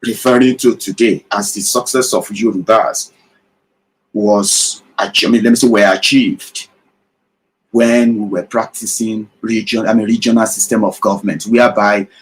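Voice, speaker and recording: A man's voice: lowish voice, fairly even intonation, normal speed, low-quality recording. A man with a Nigerian accent hosting an impassioned political commentary broadcast, speaking emphatically, asking listeners direct questions and repeating his points.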